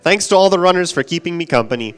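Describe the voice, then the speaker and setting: A man's voice: sits high, expressive, quick pace, fairly bright tone, clear, resonant tone. A man with a slightly raised voice reads donation messages aloud at a live gaming marathon. He sounds upbeat and keeps pushing the audience to give toward the next goal. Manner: upbeat, urging viewers to donate. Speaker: donation reader. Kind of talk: live charity stream donation reading. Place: event stage.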